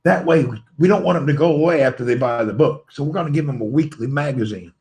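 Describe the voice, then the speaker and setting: High-voiced joking male livestreamer. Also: quick pace, hardly any pauses, darkish tone. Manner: teasing, playful, laughs often. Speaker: livestream host. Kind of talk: rambling joking livestream chat.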